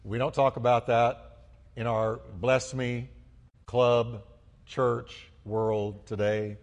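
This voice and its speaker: Fervent pastor preaching in a hall. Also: male voice, medium pitch, steady tone, measured pace. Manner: fervent, rising to loud exclamations; asks the congregation to respond. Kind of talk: sermon. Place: church sanctuary.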